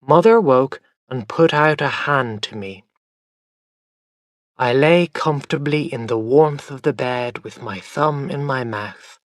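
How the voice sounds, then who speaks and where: A man reading a story aloud for English learners, carefully enunciated and unhurried. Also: mid-range voice, no echo, studio quality. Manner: slow, carefully enunciated reading with lively intonation. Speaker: audiobook narrator.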